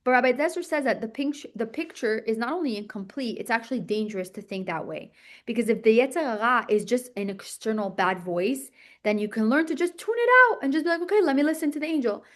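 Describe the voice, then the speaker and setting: Chatty woman teacher, slightly high voice. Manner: lively, chatty, checks in with "okay?" and "right?"; talks fast and restarts, acts out inner voices. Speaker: teacher of a religious text class. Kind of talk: classroom lesson.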